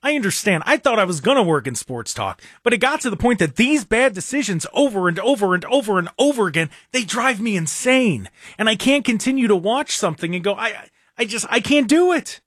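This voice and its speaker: A man's voice: high-pitched, very animated, brisk, hardly any pauses, a bit bright, no room sound, studio quality. A man hosting a talk show, delivering a heated, exasperated rant with frequent stammering restarts and mocking jabs.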